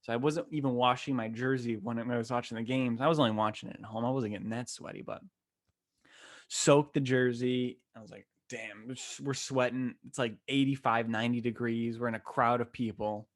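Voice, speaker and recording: Brisk and medium-pitched, a young Western New York man in his 20s rambles through a long, slangy tale on his own podcast, getting more excitable as he goes. The setting is a temporary room, not his regular setup.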